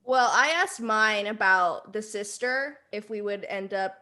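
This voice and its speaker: A woman co-hosting a podcast over a video call. She is chatty and animated, and she acts out what people said as she talks. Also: medium pitch, measured pace. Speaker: podcast co-host. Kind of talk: casual chat.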